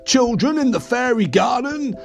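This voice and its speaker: A man voicing a huge female troll who slowly begs the children to come out. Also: very high-pitched, expressive, vocal fry, faint music behind, pitched above the performer's own voice, exaggerated voice. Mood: coaxing. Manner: slow, drawn-out, pleading.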